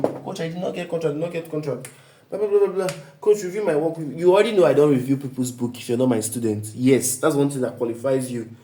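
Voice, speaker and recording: A man's voice: mid-range voice, darkish tone, reverberant. A man teaching an online writing lesson as a coach, emphatic, often asking listeners to fill in the blank and checking "do you get me?".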